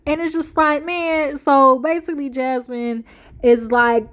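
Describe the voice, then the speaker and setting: High-voiced woman, chatty reality TV recap, plays out the quotes. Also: unhurried. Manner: animated storyteller, slips into the voices of the people she quotes, laughs often. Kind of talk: casual chat, retelling with acted quotes.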